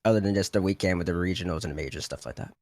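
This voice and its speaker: A man's voice: low voice, rapid-fire, darkish tone, dry recording. A young man, a podcast guest, talking earnestly and often trailing off and restarting his sentences. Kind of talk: casual podcast chat.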